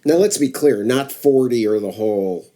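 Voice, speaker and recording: A man's voice: medium pitch, normal speed, dark tone. A man co-hosting a podcast, with a somewhat nasal voice, trading playful quips in casual chat. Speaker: podcast co-host. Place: recording remotely on his own end.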